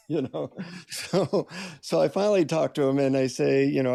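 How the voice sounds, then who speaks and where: A man being interviewed as an author, telling stories in an animated, self-mocking way and laughing as he goes. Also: medium pitch, normal speed, creaky, dry recording, clean studio sound. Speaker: author and guest. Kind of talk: conversational storytelling.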